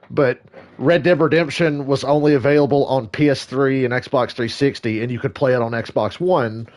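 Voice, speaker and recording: A man's voice: medium pitch, a little mellow. A man giving casual, rambling gameplay commentary, joking and swearing. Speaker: gaming streamer.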